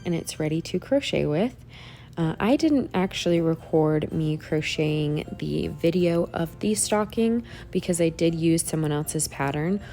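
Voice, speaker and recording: Woman crafter narrating her tutorial, slow and easygoing, mellow low voice. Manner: easygoing, step-by-step explaining. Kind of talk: relaxed craft tutorial voice-over.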